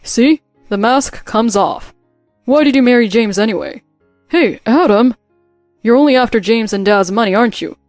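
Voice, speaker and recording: A woman voicing angry grown men of a family, a son and a father, in a narrated drama story, with a shouting, confrontational delivery. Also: a little high, animated, moderate pace, no room sound, studio quality, faint music behind, close to an everyday voice.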